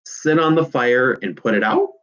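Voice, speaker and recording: A man reading aloud and voicing an excitable little boy who shouts his silly ideas. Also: mid-range voice, normal speed, muffled recording, pitched above the performer's own voice, close to an everyday voice. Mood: excited.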